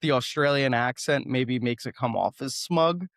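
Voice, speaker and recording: A man's voice: medium pitch, normal speed, fairly bright tone, dry recording, studio quality. A man co-hosting a podcast, arguing his point in casual football talk and repeating words as he starts. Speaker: podcast co-host.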